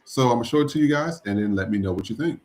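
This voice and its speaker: A man's voice: medium pitch, very fast, a little hiss or hum. A man hosting a podcast who talks casually and introduces clips in an easygoing way. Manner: animated, laughing easily. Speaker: podcast host. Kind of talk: casual chat.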